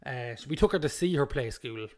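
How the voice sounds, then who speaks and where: A man's voice: medium pitch, animated, brisk, darkish tone. A man co-hosting a podcast, chatting playfully and laughing often. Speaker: podcast co-host. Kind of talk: casual chat.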